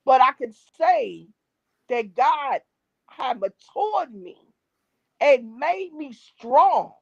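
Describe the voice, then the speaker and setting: Extremely slow yet animated, a high-sitting female voice carries this middle-aged woman's faith testimony. A gospel singer and drummer appearing as an interview guest, she preaches emphatically and repeats her key phrases, all on a dull, dry lo-fi recording.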